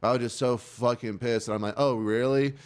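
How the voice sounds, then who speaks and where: A man's voice: medium pitch, flat delivery, fast, dry recording, studio quality. A man hosting a call-in show, telling a rambling story in casual talk, swearing constantly and filling his sentences with "like" and "uh". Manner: swears constantly, rambling rant with many fillers.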